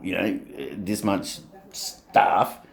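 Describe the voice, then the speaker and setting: A man's voice: low voice, level tone, drawn-out words, vocal fry. A middle-aged man with an Australian accent, rambling in a casual, blunt and sweary monologue. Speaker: vlogger.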